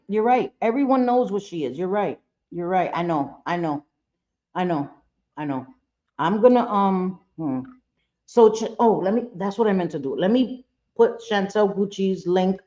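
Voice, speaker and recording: A woman's voice: fairly low pitch, dark tone, muffled recording. A woman hosting a livestream, ranting angrily and repeating herself while reading viewer comments. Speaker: livestream host.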